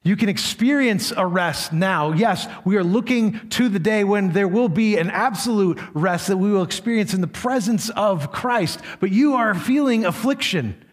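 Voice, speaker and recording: A man preaching a sermon as a pastor, earnest, dropping low and soft for warnings. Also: animated, moderate pace, hardly any pauses.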